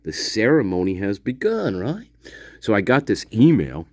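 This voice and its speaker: A man's voice: lowish voice, wildly swooping pitch, normal speed, dry recording. A man hosting a casual live stream from his room, rambling, swearing and laughing often as he talks to viewers. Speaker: channel host.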